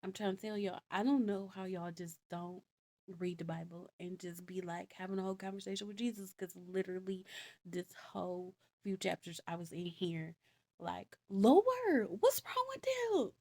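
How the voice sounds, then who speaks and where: Woman vlogger, casual storyteller, slangy and animated, often exasperated. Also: on the low side, normal speed. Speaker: vlogger retelling Bible stories.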